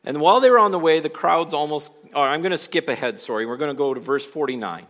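A man preaches to a congregation in a church. His voice sits fairly high and swings widely up and down. He talks in a conversational way and keeps asking the room questions. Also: expressive, fast talker, fairly bright tone. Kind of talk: sermon.

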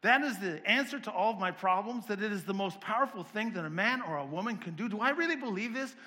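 A male preacher whose voice sits high and rings bright. He fires off rhetorical questions one after another, building each run toward fervent intensity. Between runs he drops in a wry, self-deprecating aside. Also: quick pace. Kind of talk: sermon.

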